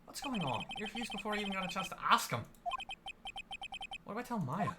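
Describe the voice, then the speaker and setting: A man voicing an earnest, flustered young male defense lawyer who hesitates and stammers, over loud game music. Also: high-pitched, sing-song, fast talker, very noisy, voice pushed up. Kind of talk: reading game dialogue aloud.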